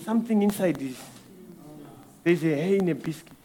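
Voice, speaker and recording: High-voiced man preaching conversationally. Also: lively intonation, moderate pace, warm tone. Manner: conversational preaching with acted-out quotes and rhetorical questions; repeats words and restarts mid-phrase. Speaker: guest preacher. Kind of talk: sermon.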